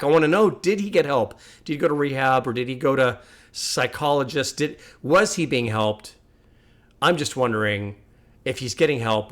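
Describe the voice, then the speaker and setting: A man hosting a music reaction video, talking in earnest, musing and at times getting heated and loud. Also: mid-range voice. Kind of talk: casual reaction commentary.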